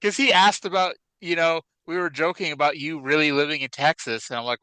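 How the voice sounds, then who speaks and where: Crisp, bright-voiced rambling storyteller man. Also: a little high, fairly even intonation, brisk, hardly any pauses, no echo, poor audio. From northern USA. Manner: rambling storyteller, many fillers like "like" and "you know". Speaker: podcast co-host. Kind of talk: casual chat.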